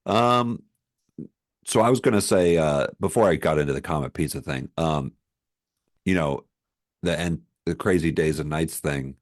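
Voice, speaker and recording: A man's voice: a bass voice, normal speed, long pauses, no room sound. A man co-hosting a film podcast in casual comedic chat, rambling and laid-back on a close mic. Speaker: podcast co-host.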